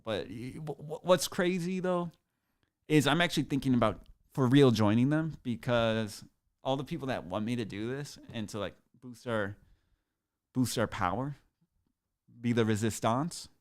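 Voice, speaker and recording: A man with a mid-range voice talks at a moderate pace on his solo comedy podcast, rambling sarcastically and puffing himself up in mock-grandiose fashion.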